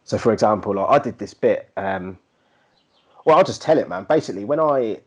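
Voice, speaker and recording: Lively man telling stories. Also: on the low side, a little fast, breathy edge. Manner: animated storyteller, slangy, slips into put-on MC voices. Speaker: podcast co-host. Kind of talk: casual chat.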